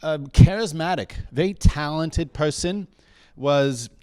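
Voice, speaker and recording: A man's voice: fairly high pitch, slow, darkish tone, smooth, no room sound. A young man performing a stand-up comedy set on a comedy bar stage. He talks conversationally and keeps checking in with the crowd.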